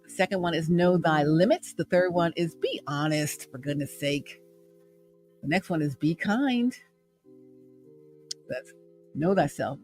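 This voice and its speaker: A woman's voice: deep voice, animated, a little slow, pauses often, a little mellow, soft background music. A woman hosting a motivational livestream from her home, speaking in an upbeat, repetitive, preachy way. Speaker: host and radio traffic reporter. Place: home room in the evening.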